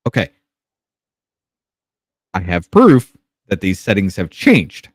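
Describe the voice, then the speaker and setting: A man with a lowish voice, talking on a podcast close to the mic in a dry, dead room. He tells his story in loose, restarting phrases and swears freely. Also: huge pitch swings, takes it slowly, dry recording. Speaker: podcast co-host. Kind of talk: casual podcast chat.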